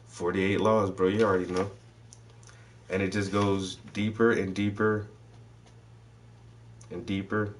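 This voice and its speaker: A man with a lowish voice talks loosely in a casual chat, swearing freely and slipping into slang. He sounds a little distant from the microphone. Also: flat delivery, unhurried, long pauses, slight background noise. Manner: loose, swearing storyteller voicing people in his stories. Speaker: host.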